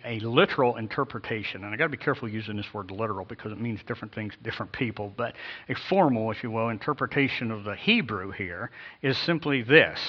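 A man's voice: medium pitch, lo-fi sound. A man preaching a sermon, emphatic, repeating key phrases and reading scripture with inflection. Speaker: pastor.

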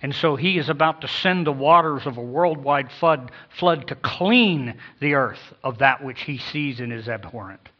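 A male pastor preaching a sermon in an emphatic way, with sudden swells in loudness. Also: medium pitch, moderate pace, few pauses. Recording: dull lo-fi sound.

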